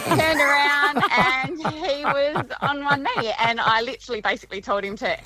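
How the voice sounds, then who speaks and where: Bright, high-voiced woman caller. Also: poor audio. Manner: chatty, laughing, quick asides. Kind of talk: casual phone-in story.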